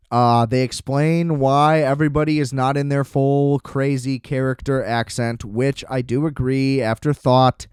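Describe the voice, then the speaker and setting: A man in his twenties hosting a podcast, giving a loose, animated movie review with casual swearing. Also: medium pitch, clean tone, no echo, studio quality. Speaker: podcast host.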